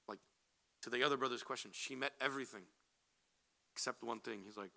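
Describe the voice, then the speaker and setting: A man, addressed as Sheikh, giving casual, animated advice to a young audience, acting out quoted people with jokes. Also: mid-range voice, fairly quick, creaky, pauses often. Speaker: Islamic speaker answering questions.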